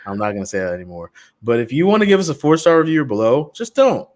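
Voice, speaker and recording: A man co-hosting a podcast, reading promos in a loose, joking way and jumping between loud and soft. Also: mid-range voice, quick pace. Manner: animated, jokey, swings loud and soft. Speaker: podcast co-host. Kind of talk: casual chat with show promos.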